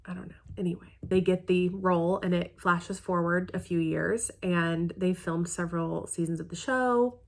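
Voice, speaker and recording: Chatty woman with a gravelly voice. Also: on the low side, steady tone, normal speed, few pauses. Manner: chatty and emotional, with trailing asides and quiet muttered remarks. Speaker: reaction video host. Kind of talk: casual recap of a film.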